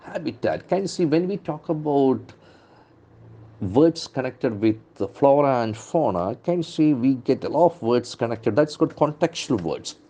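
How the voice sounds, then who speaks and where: A man's voice: mid-range voice, animated, moderate pace, dark tone. A man teaching English vocabulary from the newspaper, repeating words and stressing their syllables. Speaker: English trainer.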